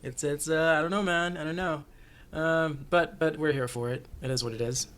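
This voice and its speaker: A man talking casually as a recurring guest on an anime discussion show, animated and joking, laughing often. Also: fairly high pitch, normal speed.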